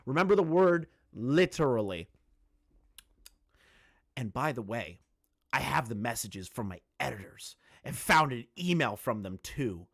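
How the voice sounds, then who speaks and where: A man's voice: mid-range voice, big pitch swings, a little slow, vocal fry, long pauses, fairly bright tone. A man hosting a casual commentary video, ranting to his chat in a profane, sarcastic and exasperated way.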